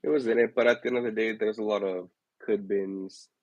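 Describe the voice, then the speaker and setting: A man co-hosting a casual chat, giving measured, thoughtful opinions. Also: lowish voice, fairly even intonation, a little mellow, dry recording, lo-fi sound. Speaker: podcast co-host.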